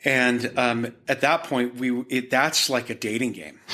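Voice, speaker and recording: A man from Utah speaks as a guest on a podcast, recounting his story conversationally. His voice is bright and forward and sits at an ordinary pitch. He rambles, stacking fillers and false starts as the story unfolds. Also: steady tone, a little slow. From Utah, United States. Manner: rambling, with frequent fillers and restarts. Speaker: podcast guest, art gallery owner.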